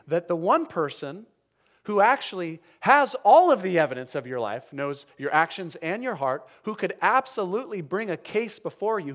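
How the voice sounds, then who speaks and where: Earnest male pastor preaching a sermon. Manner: earnest, dynamic, drops to soft emphatic lows.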